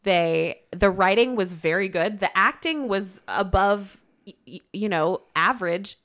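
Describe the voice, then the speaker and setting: A young woman co-hosting a podcast in casual, animated chat, with lots of "like". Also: mid-range voice, a little slow. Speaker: podcast co-host.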